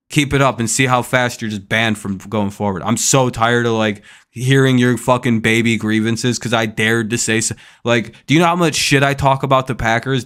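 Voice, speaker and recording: A man's voice: medium pitch, fairly bright tone, smooth. A young man hosting a casual live stream, first reading news, then ranting in an irritated, profane way at a viewer in the chat. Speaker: streamer host.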